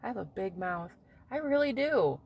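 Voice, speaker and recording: A woman in her thirties, a vlogger talking casually outdoors on a street in a brash, loud-mouthed way, swearing and laughing often. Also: a little high, big pitch swings, moderate pace, a little hiss or hum. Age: 30s.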